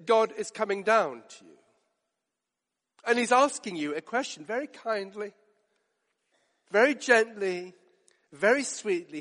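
High-voiced preacher in a reverberant hall. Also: male voice, lively intonation, unhurried, long pauses, a bit bright. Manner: earnest, builds to emphatic rhetorical questions. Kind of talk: sermon.

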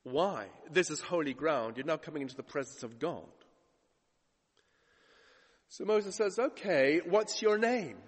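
A man's voice: fairly high pitch, expressive, unhurried, pauses often, breathy edge. A man preaching a sermon, retelling scripture dramatically and acting out the voices he quotes. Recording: long hall reverb.

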